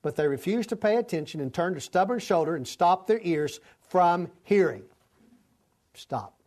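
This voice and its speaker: Chatty, slightly high-voiced male Bible teacher. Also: lively intonation, normal speed, a little mellow. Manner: informal, rambling with frequent restarts and fillers. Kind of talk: conversational Bible study teaching.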